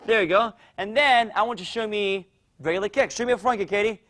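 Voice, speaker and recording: A man teaching a martial arts class for young children, explaining drills and loudly cheering the kids on. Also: sits high, fast talker. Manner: energetic, coaching and cheering children on. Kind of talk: instructional demo with kids.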